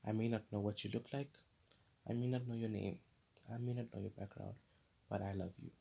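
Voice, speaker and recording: A man with a low voice, gravelly and a little husky, delivers an unscripted monologue as host of his own show. He speaks earnestly, rambles, and circles back to repeat his points. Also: fairly even intonation, fairly quick, mellow. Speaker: podcast host.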